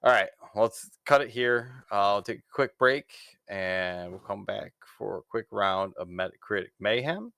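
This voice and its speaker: A man hosting a casual podcast chat, relaxed as he runs the segments. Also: on the low side, measured pace, gravelly, hardly any pauses, no room sound, studio quality. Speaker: podcast host.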